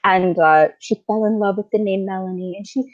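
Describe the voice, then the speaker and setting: A woman from Michigan, co-hosting a live stream and telling stories in a chatty, animated way. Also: medium pitch, a little fast, muffled recording. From Michigan, USA. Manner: chatty, animated storytelling with frequent laughs. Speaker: co-host. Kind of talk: casual chat on a live stream.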